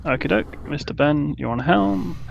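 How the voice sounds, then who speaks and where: Casual gravelly man, mid pitch, relaxed and halting; dull lo-fi chat mic. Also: slight background noise. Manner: easygoing, hesitant with frequent uh. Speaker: ship commander in online roleplay.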